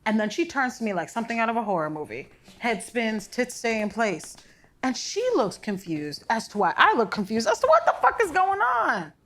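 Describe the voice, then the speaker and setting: A woman playing an older, sick father who is gruff, crude and wry, telling blunt, profane stories in a stage play. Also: fairly high pitch, sing-song, normal speed, fairly bright tone, full character voice. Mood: sardonic. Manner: blunt, sardonic, profane storytelling.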